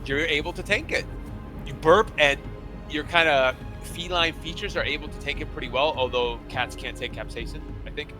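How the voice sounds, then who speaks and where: A man's voice: on the high side, moderate pace, music in the background. A man narrating as dungeon master, rambling and correcting himself as he goes. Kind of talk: narrating a tabletop game.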